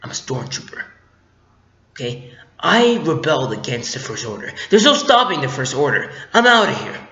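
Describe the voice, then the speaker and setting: A man voicing a defensive young deserter in a low, muttered voice, recorded on a dull lo-fi mic in an echoey room. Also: sing-song, normal speed, pushed and bright. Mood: fed up.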